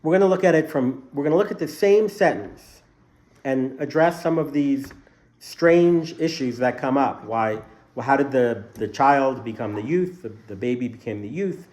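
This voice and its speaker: A man's voice: medium pitch, expressive, normal speed, a little mellow. A man teaching a casual Bible study class to a group in a room, explaining the text by asking a string of questions.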